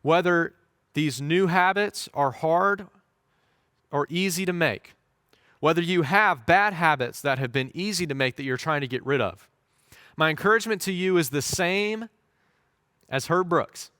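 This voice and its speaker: A male pastor giving a sermon with a fairly high voice, telling his story with lively voiced quotes. The sound is dry and close, with little room echo. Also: a little slow, pauses often, clean tone.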